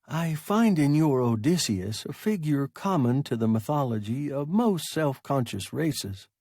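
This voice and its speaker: A man voicing a large, calm and philosophical alien creature that speaks in a measured, reasonable way. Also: medium pitch, dry recording, studio quality. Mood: calm reasoning.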